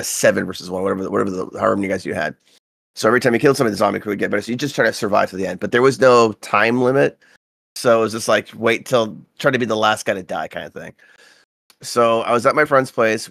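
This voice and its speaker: A man with a low, gravelly voice rambles through gaming anecdotes in a loose, profane podcast chat. He gets livelier when he quotes people, and his voice sits close and dry on the mic. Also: no echo. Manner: rambling storyteller, profane, animated when quoting. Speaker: podcast co-host.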